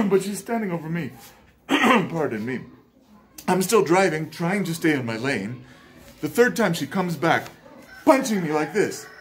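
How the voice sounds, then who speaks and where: A man hosting his channel, telling a personal story in a lively monologue and acting out the dialogue. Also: fairly high pitch, measured pace. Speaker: channel host.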